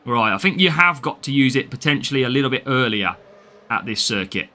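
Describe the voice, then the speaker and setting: A man's voice: mid-range voice, expressive, a little fast, bright, forceful tone. An English man streaming a mobile racing game live, chatting casually, greeting viewers by name and laughing often. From England. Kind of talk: live gameplay stream, reading chat.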